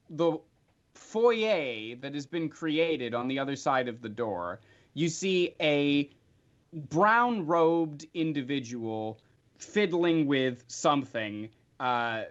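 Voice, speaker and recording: A man narrating as game master of a tabletop game, unhurried storytelling with fillers. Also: medium pitch, lo-fi sound.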